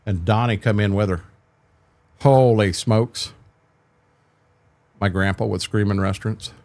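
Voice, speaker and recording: A man's voice: on the low side, steady tone, unhurried, long pauses, a little mellow. An older man streaming a farming game from home, chatting casually with viewers on a desk microphone, rambling and repeating his words as he talks. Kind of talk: casual livestream chat with viewers.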